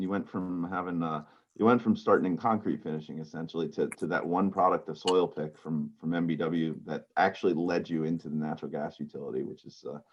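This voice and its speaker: A man hosting an interview podcast, reacting with short, enthusiastic remarks. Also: low voice. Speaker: podcast host. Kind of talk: casual interview. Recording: muffled lo-fi with faint hiss.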